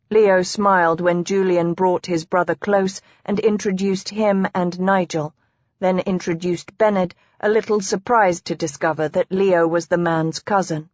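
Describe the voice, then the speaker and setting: Slow, low-voiced woman narrating. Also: no echo, highs cut off. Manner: even, measured reading. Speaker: audiobook narrator. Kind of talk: scripted narration.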